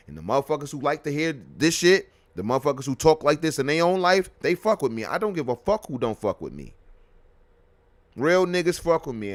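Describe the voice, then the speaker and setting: A male podcast host in full rant mode, heated and profane, hammering the same lines over and over. He jumps from loud outbursts down to low, muttered asides, and his voice sits at an ordinary middle pitch. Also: dry recording. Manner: heated, profane, repetitive ranting.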